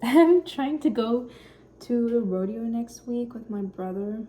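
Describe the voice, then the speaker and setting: A young woman in her twenties chatting quietly and shyly while cooking in her home kitchen, rambling with lots of fillers. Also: fairly high pitch, animated, unhurried. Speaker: vlogger. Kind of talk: casual cooking vlog chat.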